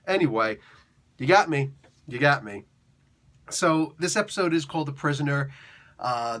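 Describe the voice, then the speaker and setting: A man's voice: fairly high pitch, a bit bright, husky. A man hosting a casual review monologue, rambling and joking, with many fillers and restarts. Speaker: review show host.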